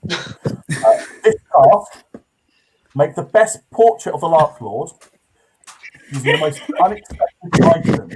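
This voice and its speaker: A man's voice: fairly high pitch, expressive, takes it slowly, long pauses, a little mellow, slight background noise, rough recording. A man hosting an improv comedy game show, hesitant and full of filler sounds as he sets the tasks and hands out points.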